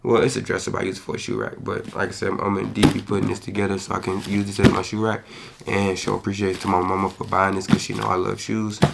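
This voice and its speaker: A young man chats straight to camera from home, rushing his words and filling them with casual slang. His voice sits low and carries a gravelly rasp. The talk runs quick and loose. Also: monotone, background noise. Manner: talks fast and rushes his words; loose, slangy, peppered with "you feel me". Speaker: vlogger. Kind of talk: casual vlog chat to camera.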